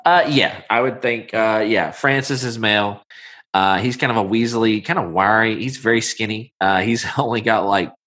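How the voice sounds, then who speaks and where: A man running a tabletop game who describes scenes in a loose, rambling way full of fillers. His voice sits on the low side. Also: moderate pace, fairly bright tone. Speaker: game master.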